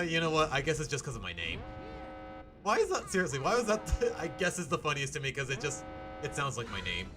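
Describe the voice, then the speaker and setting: A man livestreams a game, cracking jokes and chatting with his viewers while he plays, with game music behind him. His medium-pitched voice moves at a quick pace, and his live commentary stays animated and jokey.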